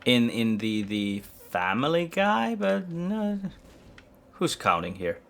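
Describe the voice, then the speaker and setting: A man's voice: mid-range voice, big pitch swings, takes it slowly, gravelly, fairly bright tone. A man streaming a video game live, chatting with viewers in a hesitant, rambling, self-mocking way. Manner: rambling, hesitant, many restarts. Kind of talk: live gameplay commentary with chat.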